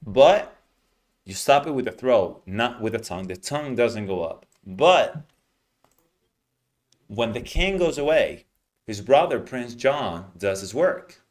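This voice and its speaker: A man teaching English pronunciation, explaining patiently and modeling words slowly with clear stress. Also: mid-range voice, lively intonation. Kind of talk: teaching lesson, explaining reading aloud.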